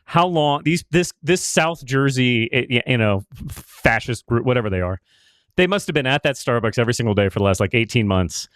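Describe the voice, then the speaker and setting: A man's voice: mid-range voice, lively intonation, a little fast, fairly bright tone, no echo, clean studio sound. A man co-hosting a political talk podcast, trading jokes in loose, laughing banter. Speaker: podcast co-host.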